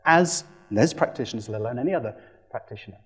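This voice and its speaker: A man giving a lively training presentation, playful and animated, acting out quick quoted voices. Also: medium pitch, breathy edge. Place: presentation room.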